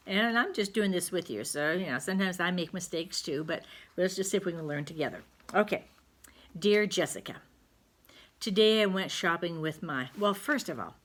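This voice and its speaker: A middle-aged woman teaching a recorded spelling lesson to second graders, chatting slowly and gently with many pauses and fillers. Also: on the low side.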